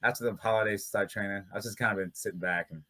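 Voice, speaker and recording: Man, fighter guest, casual storyteller, laughs a lot, bright sharp voice. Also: lowish voice, fairly even intonation, racing. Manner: laughs often while talking. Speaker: bare-knuckle fighter, interview guest.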